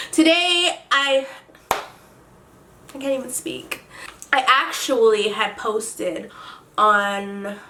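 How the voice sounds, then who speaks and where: A young woman from Canada, chatty and excitable, telling a story on her vlog. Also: fairly high pitch. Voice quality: slight lisp from a retainer. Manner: chatty, excitable, heavy use of "like". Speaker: beauty vlogger.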